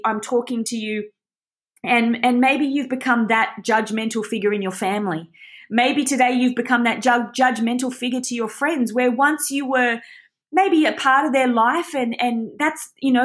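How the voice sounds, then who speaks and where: A woman giving an informal, passionate Bible teaching in a conversational, rambling way. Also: a little high.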